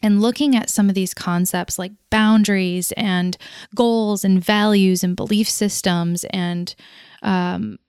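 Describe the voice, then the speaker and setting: A woman's voice: medium pitch, steady tone, slow pace, a little mellow, smooth, no room sound, studio quality. A woman hosting a casual, reflective monologue. She rambles, goes off on tangents and laughs at herself as she talks.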